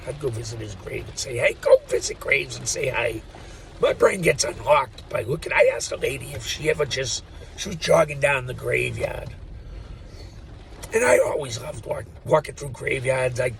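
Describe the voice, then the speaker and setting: A man's voice: mid-range voice, creaky. An older man, rambling through a profane, joking vlog monologue. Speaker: vlogger. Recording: distant mic with loud background noise.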